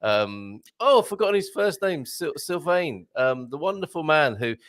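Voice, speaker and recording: An English man hosts a live talk show in a jokey, animated way, laughing often. His pitch swings widely as he talks. He sounds amused and keeps the chat moving. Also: moderate pace. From England. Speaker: host.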